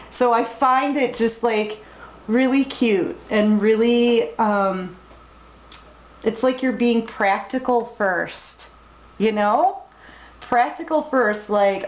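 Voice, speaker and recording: A woman giving a collective tarot reading, gently reassuring and emotional, speaking straight to the viewer. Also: mid-range voice, echoey room, low-quality recording. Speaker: tarot reader.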